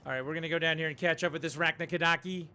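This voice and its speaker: Chatty bright-voiced man streaming a game. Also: a little high, steady tone, rapid-fire, clear, resonant tone. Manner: chatty, talks to his dog in a soft coaxing voice. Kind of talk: casual live-stream chat.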